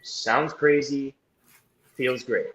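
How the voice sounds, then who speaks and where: A man guest speaks at an average pitch while he walks the listeners through a breathing exercise. His delivery is instructive and coaching. The recording carries a roomy echo. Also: fairly even intonation, extremely slow, fairly bright tone, lo-fi sound.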